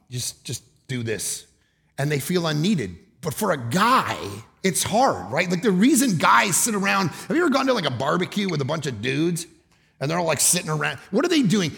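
A middle-aged male pastor preaching a sermon, telling animated stories and often shouting for emphasis. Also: fairly high pitch, creaky. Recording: long hall reverb.

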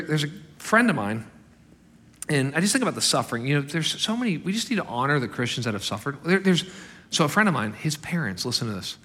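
A man preaching a sermon as a pastor, animated and emphatic, acting out the quotes he tells. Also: on the high side, slightly rough. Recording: long hall reverb.

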